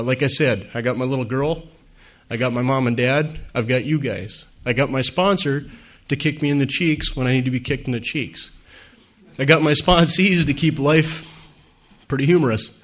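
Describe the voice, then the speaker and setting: A man, giving an earnest, conversational personal testimony to a meeting audience, with many fillers. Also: mid-range voice. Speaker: speaker at a recovery meeting.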